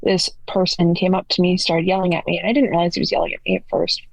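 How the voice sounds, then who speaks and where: A woman's voice: on the low side, big pitch swings, quick pace, vocal fry, rough recording. A woman in her forties from Canada, a podcast guest earnestly recounting her story in detail. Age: 40s. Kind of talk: storytelling interview answers.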